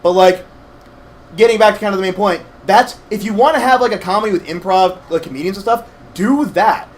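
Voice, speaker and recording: A young man co-hosting a game playthrough, rambling through animated stories with lots of fillers. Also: sits high, fairly quick, a little hiss or hum. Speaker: let's play co-host. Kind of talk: casual gaming chat.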